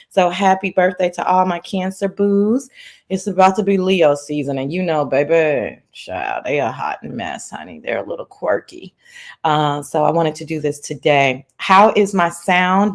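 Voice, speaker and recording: A woman hosting a casual livestream chat from her laptop, sassy and playful, greeting viewers by name in a lively sing-song. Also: fairly low pitch. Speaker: livestream host. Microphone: laptop mic.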